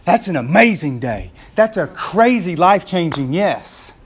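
Pastor, male, slightly high voice, casual preaching that surges into excited shouting. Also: unhurried, breathy edge. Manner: conversational preaching, grows loud and excited when acting out scenes. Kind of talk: sermon.

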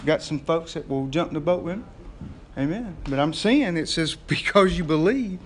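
A male pastor giving a sermon with a notably high voice. He talks to the congregation in a folksy, joking way rather than with formal oratory. His delivery stays casual and conversational. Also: lively intonation, moderate pace, slight background noise.

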